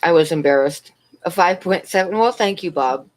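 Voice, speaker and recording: A woman's voice: fairly low pitch, animated, normal speed. A middle-aged woman rambling through a story on her livestream and answering chat in between. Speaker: livestream host.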